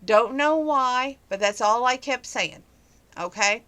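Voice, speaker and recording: A woman's voice: on the high side, slow, fairly bright tone. A woman, telling a rambling story about her day in a casual vlog, her sinuses congested. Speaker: vlogger.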